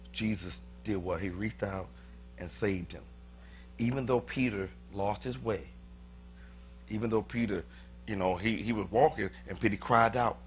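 A man's voice: lowish voice, a bit bright, slight background noise. A male pastor preaching a sermon in a church, talking conversationally, repeating words and chuckling often.

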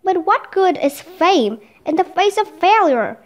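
Moody male storybook genius, brooding, dramatic, higher register, done by a woman. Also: big pitch swings, moderate pace. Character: moody middle-aged male artistic genius.

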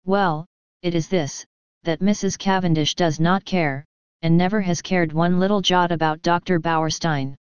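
A woman reading an audiobook, voicing a fussy elderly male Belgian detective who speaks calmly and precisely with gentle teasing. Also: lowish voice, moderate pace, clear, resonant tone, dry recording, dull audio, lightly acted. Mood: calm, amused.

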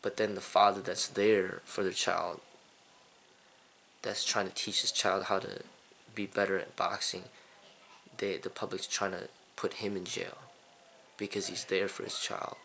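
A man's voice: low-pitched, flat delivery, a little slow, vocal fry, pauses often, fairly bright tone, slight background noise. A man hosting his own channel, talking in a casual, indignant opinion monologue with lots of fillers and repeated phrases. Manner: repetitive, indignant, many fillers. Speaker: kung fu channel host.

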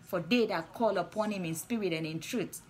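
A woman's voice: fairly low pitch, moderate pace. A woman preaching and praying on a livestream, with fervent, repetitive declarations. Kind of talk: livestream sermon and prayer. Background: soft music.

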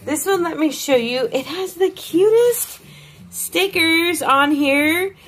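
A woman's voice: extremely high pitch, lively intonation, takes it slowly. A woman vlogger chatting casually as she opens gifts and reads cards aloud, gushing with frequent exclamations. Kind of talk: casual chat.

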